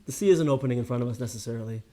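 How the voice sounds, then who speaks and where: Animated man teaching a casual Torah class. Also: medium pitch, racing, a little hiss or hum. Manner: lively storyteller, many restarts and "right?" tags.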